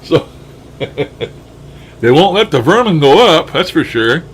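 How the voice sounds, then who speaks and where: Taking it slowly in a very animated, higher-leaning voice, this man reviews his paranormal recordings as they play. He muses, chuckles a lot and occasionally curses, with slight hiss or hum underneath.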